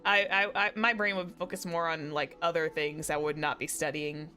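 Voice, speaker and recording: A young woman talks through a game on a live stream, chatty and rambling, often restarting her sentences mid-thought. Her voice sits a little low. Faint music plays behind her. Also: steady tone, normal speed, pushed and bright. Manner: chatty, rambling, self-correcting. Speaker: VTuber streamer.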